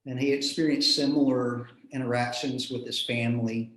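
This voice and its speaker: A man's voice: medium pitch, fairly even intonation, normal speed. Earnest man in a roomy space. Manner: earnest, reflective, with soft chuckles. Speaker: minister in a panel discussion. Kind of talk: personal storytelling in a discussion. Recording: roomy echo.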